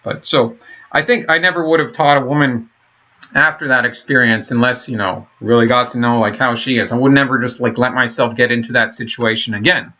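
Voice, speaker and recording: A man vlogging a rambling personal monologue, halting and profane, with many restarts. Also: medium pitch, fairly even intonation, sharp tone, lo-fi sound.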